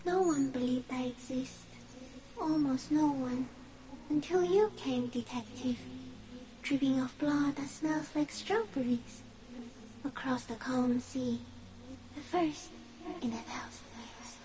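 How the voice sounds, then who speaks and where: Ancient female stick insect, high airy voice, slow and eerie, soft otherworldly phrasing, game creature. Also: poor audio. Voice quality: soft, drifting, often breathy. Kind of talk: video game voice acting.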